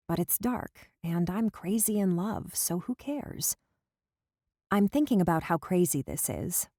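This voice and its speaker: A woman narrating a first-person romance audiobook in a lively, expressive, comic manner, recorded close in a studio booth. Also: on the low side, no echo. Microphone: close studio mic.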